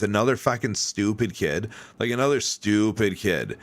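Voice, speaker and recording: A man hosting a podcast, chatting casually and telling animated, rambling stories full of fillers. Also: low-pitched, normal speed, few pauses. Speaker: podcast host. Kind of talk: casual chat.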